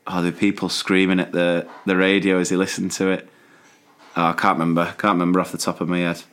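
In casual chat, this podcast co-host rambles easygoingly, with fillers and restarts. He talks fast, with a low, flat, smooth delivery that's a bit bright.

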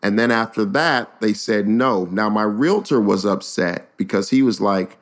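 A man who is a stand-up comedian, telling an animated comic story as a guest, acting out what people said and laughing often. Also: fairly low pitch, measured pace. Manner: lively storyteller, acts out quotes, laughs often.

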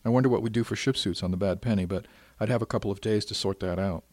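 Low-voiced man narrating a story. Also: a little mellow, no echo. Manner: measured and reflective. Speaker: audiobook narrator. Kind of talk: scripted first-person narration.

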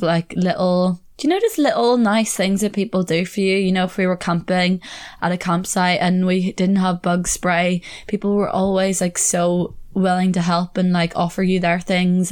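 Northern irish woman podcasting solo, rambly and chatty, says like a lot, lowish voice. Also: a little mellow. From Northern Ireland. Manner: chatty, rambling, full of "like" fillers. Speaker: podcast host. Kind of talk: casual solo podcast chat.

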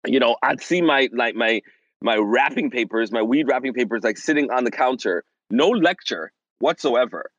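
A man's voice: mid-range voice, moderate pace, no echo, highs cut off. A man in his forties, a minister and family therapist, telling a personal story as a podcast guest and acting out the voices of others. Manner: animated, acts out the voices of others.

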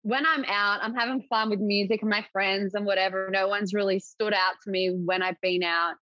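A woman's voice: medium pitch, steady tone, a little fast, dry recording. A young adult woman, a podcast guest, talking openly and chattily with lots of filler words. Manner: chatty, open, full of filler likes. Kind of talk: casual chat. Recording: dull, dry lo-fi audio.

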